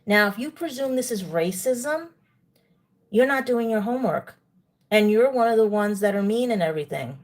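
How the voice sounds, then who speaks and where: A woman's voice: medium pitch, lively intonation, moderate pace. Indignant New woman lecturing her chat. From New York. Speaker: livestream host. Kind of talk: live-stream commentary to chat.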